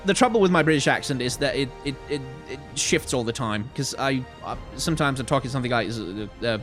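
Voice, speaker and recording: A young man from Denmark with a faint Danish accent, chatting casually on a live stream and reading out donations, excitable and swearing freely. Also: medium pitch, brisk, soft background music.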